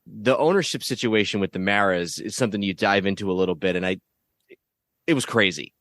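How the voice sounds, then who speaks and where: A man hosting a sports history podcast, asking questions in a relaxed way and searching for words. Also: lowish voice, a little fast, no echo, clean studio sound. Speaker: podcast host. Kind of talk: podcast interview.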